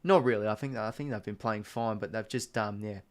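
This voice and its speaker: A man's voice: lowish voice, a little fast. A young Australian man hosting a live stream, chatting casually with viewers and muttering to himself while working through a quiz.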